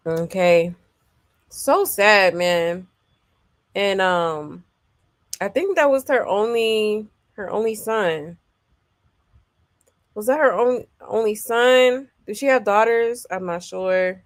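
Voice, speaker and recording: A woman hosting a celebrity gossip livestream, chatting casually and filling pauses with "um" and "okay". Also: medium pitch, no room sound, clean studio sound. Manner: loose and chatty, full of "um" and "okay" check-ins; reads viewer comments aloud. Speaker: celebrity gossip show host.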